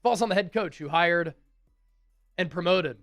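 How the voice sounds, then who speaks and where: A high-voiced man hosts a casual live sports stream, unhurriedly reading out fan messages and thanking each person who sent one. His voice is a bit bright, the recording is dry and close, and faint music plays in the background.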